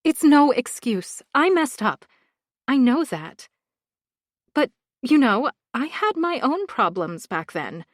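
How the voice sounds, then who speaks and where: A woman narrator voicing a grown woman in an audiobook who pleads her side to an old friend, earnest and defensive. Her pitch rises and falls a lot, and the recording sounds dry and close. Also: sing-song, slow, no room sound, heavily acted.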